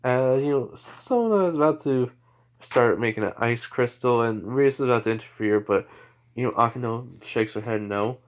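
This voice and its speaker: A man's voice: medium pitch, moderate pace. A man narrating a homemade fan story off the cuff. He rambles, restarts and fills gaps with "you know" and "like.". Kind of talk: improvised spoken fan fiction.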